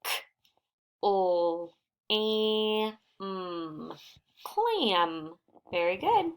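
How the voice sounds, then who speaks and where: Female reading teacher, unhurried phonics lesson, patient sounding-out, mid-range voice. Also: medium pitch, very animated, clear, resonant tone. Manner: slow, patient, drawn-out sounding out of words. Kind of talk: recorded phonics lesson for young children.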